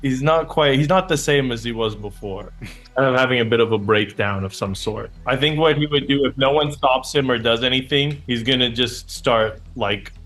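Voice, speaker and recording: A man's voice: mid-range voice, normal speed, a bit bright, soft background music. A man playing a tabletop game, describing his character's actions in a hesitant way full of "like". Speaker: player.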